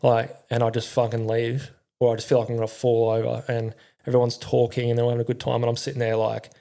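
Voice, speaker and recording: A man's voice: medium pitch, completely flat delivery, fast talker, creaky, dark tone. A middle-aged Australian man telling his story in a candid, rambling way, swearing often and using slang. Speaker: podcast guest, former army crew commander.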